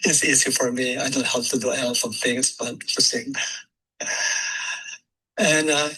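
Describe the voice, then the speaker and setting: Man, eulogy speaker, bright, slightly husky tone, unhurried heartfelt storytelling. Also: medium pitch, steady tone, poor audio. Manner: gentle, heartfelt, unhurried storytelling with nonstandard grammar.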